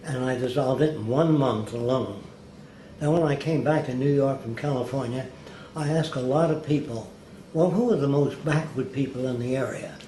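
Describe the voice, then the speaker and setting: A man with a medium-pitched voice talks at a normal speed as an interview guest, telling anecdotes in a lively way and acting out the people he quotes. The room is echoey, with a faint hiss underneath.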